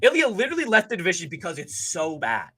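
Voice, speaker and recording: Young male streamer host, sarcastic and profane, bright voice with a bouncing pitch. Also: huge pitch swings, fast talker, slightly rough. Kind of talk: live fight reaction commentary.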